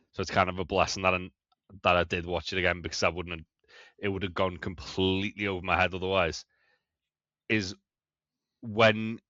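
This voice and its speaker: Male co-host, low voice, excitable, swears a lot, lo-fi recording. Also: no room sound. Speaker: podcast co-host. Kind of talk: casual chat.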